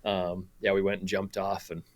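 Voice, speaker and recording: A young man telling a travel story on a radio show, animated and laughing, with many fillers and restarts. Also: sits low, moderate pace. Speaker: guest photographer and hunter.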